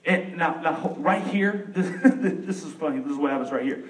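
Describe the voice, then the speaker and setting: A young man preaching a sermon with a Texan accent, acting out the figures of his story with sudden loud bursts. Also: on the high side, a little fast, distant mic. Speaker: pastor. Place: church sanctuary. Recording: echoey room, mic some way off.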